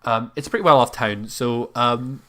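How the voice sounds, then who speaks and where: A man's voice: mid-range voice, normal speed, bright, forceful tone. A man narrating as game master of a tabletop game, rambling with frequent fillers.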